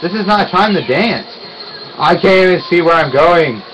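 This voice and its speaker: A young man narrates his gameplay in a casual, excitable way, yelping and groaning each time he fails. His voice sits a little high and leaps around a lot. A faint hum of noise sits behind him. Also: normal speed, lo-fi sound. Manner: excitable, yelps and groans at failures. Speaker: gaming YouTuber. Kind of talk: casual let's-play commentary.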